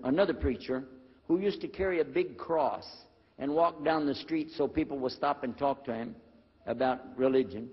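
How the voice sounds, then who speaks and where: Older man, animated storyteller, slightly high voice, husky, muffled lo-fi sound, long hall reverb. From United States. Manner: animated storyteller, acting out dialogue. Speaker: former preacher telling his conversion story. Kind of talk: storytelling talk to an audience. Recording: dull lo-fi recording in a reverberant hall.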